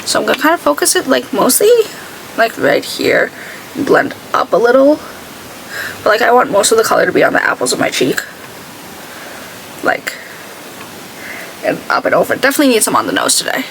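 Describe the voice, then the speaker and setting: A woman's voice: a little high, big pitch swings, fairly quick, creaky, long pauses, a bit bright, a little hiss or hum, rough recording. A woman beauty vlogger chatting casually while she does her makeup, telling stories and acting out what other people said. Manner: chatty storytelling, acts out quoted people.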